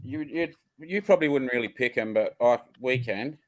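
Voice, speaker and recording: A man's voice: mid-range voice, moderate pace. Aussie guy, laid-back chat, medium voice, joking around. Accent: Australian. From Australia. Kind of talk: casual chat.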